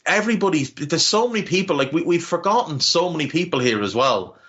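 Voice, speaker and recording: A man's voice: fairly high pitch, lively intonation, quick pace, fairly bright tone, lo-fi sound. A man with a Navan Irish accent, co-hosting a podcast in casual chat, rambling and heartfelt with many restarts and casual swearing. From Ireland. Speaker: podcast co-host.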